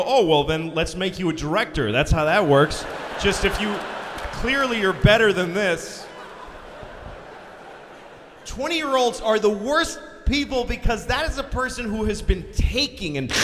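Forties male comic from Boston, profane rant with deadpan turns, live in a big reverberant hall. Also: sits high, slight background noise. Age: 40s. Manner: ranting, profane, deadpan asides. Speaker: stand-up comedian. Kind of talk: live stand-up comedy. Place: large concert hall stage. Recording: live hall recording with long reverb and faint ambience.

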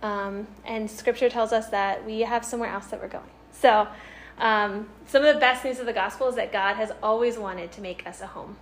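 A young woman giving an informal sermon to a student group, earnest and halting, full of "like" and "um", with light laughs between points. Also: medium pitch, a little hiss or hum. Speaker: campus ministry speaker.

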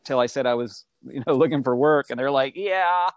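A middle-aged man telling his life story in casual conversation, animated and acting out the voices he quotes. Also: fast, no echo. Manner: animated, acts out quoted voices with big pitch jumps.

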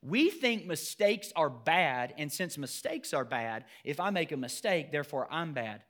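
A man's voice: fairly high pitch, big pitch swings, unhurried, fairly bright tone. A man preaching a sermon as pastor, emphatic and asking the congregation rhetorical questions.

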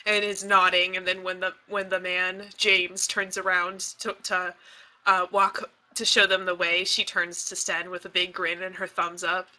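A woman taking part as a player in a tabletop role-playing game, talking in a giggly, animated way. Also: lowish voice, measured pace, slight background noise, poor audio. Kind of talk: casual game talk.

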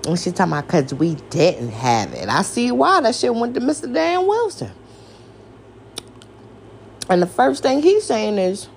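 A woman's voice: mid-range voice, sing-song, a little slow, creaky, long pauses, a little hiss or hum. A woman hosting a podcast, ranting in a casual, exasperated, profane way and firing off rhetorical questions. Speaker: podcast host. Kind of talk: casual rant.

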